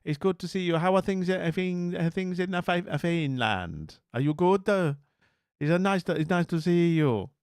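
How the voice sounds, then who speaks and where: A man putting on a jokey foreign accent to greet a viewer, high and over-eager, on a close, dry mic. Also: expressive, moderate pace, clear, resonant tone, dry recording. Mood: playful.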